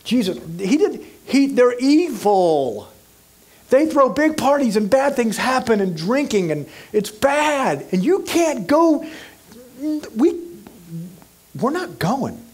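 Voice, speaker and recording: A man's voice: very high-pitched, very animated, slow pace, a little mellow, husky, voice pushed up, heavily acted. A man voicing an anxious male disciple who pleads with his teacher in a flustered, scandalized way. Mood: pleading.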